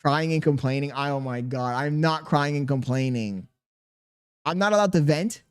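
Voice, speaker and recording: A man's voice: fairly high pitch, moderate pace, clean tone. A man in his thirties, a streamer reading chat aloud and venting in an exasperated, defensive way with casual slang.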